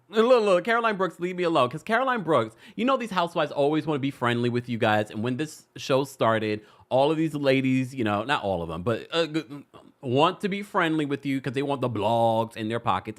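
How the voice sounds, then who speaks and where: Male host, celebrity gossip talk, casual, teasing, laughs a lot, very expressive pitch. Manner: animated, laughing, playful teasing. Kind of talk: casual commentary to a live chat.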